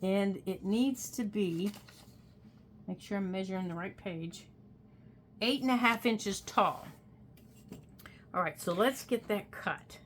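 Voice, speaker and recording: A woman's voice: mid-range voice, slow pace, long pauses, a little hiss or hum. An older woman chatting casually through a craft tutorial in a folksy, talk-to-herself way. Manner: chatty, folksy, talks to herself while working. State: hiccups. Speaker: craft vlogger.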